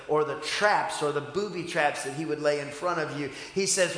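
A man preaching a sermon as pastor, leading call-and-response and swinging from shouted peaks to quiet asides. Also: a little high. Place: church sanctuary. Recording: echoey church hall.

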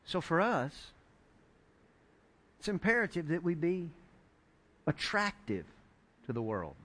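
A middle-aged man preaching a sermon, telling a story with lively acted-out quotes and building to shouted points. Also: a little high, slow pace. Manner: animated storyteller acting out quoted voices, rising to shouts. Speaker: pastor.

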